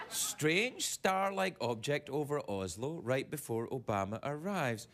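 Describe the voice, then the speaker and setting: A male late-night host rattles through a playful, self-mocking monologue. His voice is high and swings widely in pitch. A studio audience laughs loudly behind him, with steady background noise. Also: unhurried, hardly any pauses, a crowd in the background. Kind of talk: comedy monologue.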